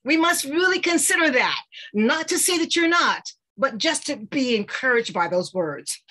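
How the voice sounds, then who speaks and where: A woman's voice: sits high, lively intonation, normal speed, bright, forceful tone. An older woman gives an earnest, rallying motivational speech over a video call, speaking with a preacher-like cadence. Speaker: guest speaker.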